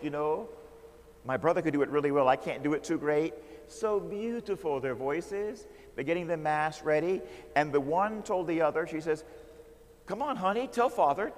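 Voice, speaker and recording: An American man, a Catholic priest, telling stories in an animated sermon and calling out "Amen?" to the crowd. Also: fairly high pitch, long reverb tail. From United States. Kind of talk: storytelling sermon.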